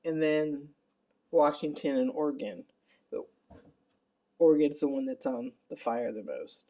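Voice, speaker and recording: A middle-aged woman who looks after her father gives an honest, meandering vlog update, clearly worn out. Her voice is deep and warm, and she keeps a measured pace.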